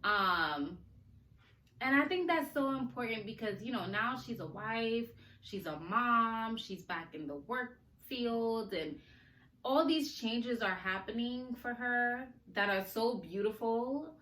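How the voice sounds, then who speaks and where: A woman hosting a casual podcast, chatty and animated, laughing often and talking to listeners in slang, her speech a little slurred from a sore mouth. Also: fairly high pitch, slow pace. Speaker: podcast host. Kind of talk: casual chat. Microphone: recorded on video for a podcast. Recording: roomy echo, faint ambience.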